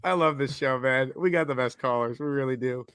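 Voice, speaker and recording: Bright, hyped male show host. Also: mid-range voice, smooth, no echo, studio quality. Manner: hyped announcer style, quick to laugh. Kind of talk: lively show hosting.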